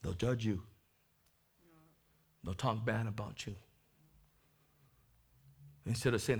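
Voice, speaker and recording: A man preaching a sermon to his congregation, swinging from hushed asides to loud, stretched-out shouts as he acts out the Bible story. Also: on the low side, slow pace, long pauses, slightly rough.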